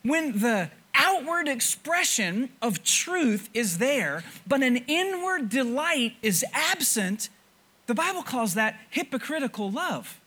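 Lively preacher, doubling words. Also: sits high, takes it slowly. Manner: animated, stammering restarts, rhetorical questions to the congregation. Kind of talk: sermon. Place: church before a congregation.

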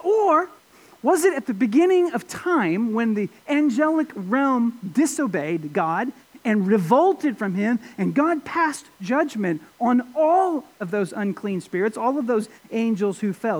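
A man preaching a sermon, expressive, asking his listeners rhetorical questions. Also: extremely high pitch, measured pace. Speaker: pastor.

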